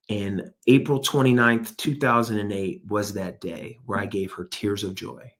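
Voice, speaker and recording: Low-voiced motivational former athlete. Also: male voice, measured pace, hardly any pauses. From United States. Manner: emphatic, motivational, quotes himself and others. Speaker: guest, former NFL player and speaker. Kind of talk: storytelling interview answer.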